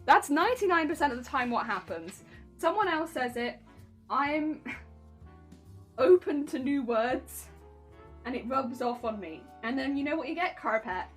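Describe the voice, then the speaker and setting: A high-voiced woman chats casually to her live-stream audience while working on a cosplay prop. Her pitch swoops up and down as she giggles and reacts to chat. Soft music plays quietly behind her. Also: expressive, unhurried, long pauses. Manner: giggly, chatty, reading out chat. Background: soft background music.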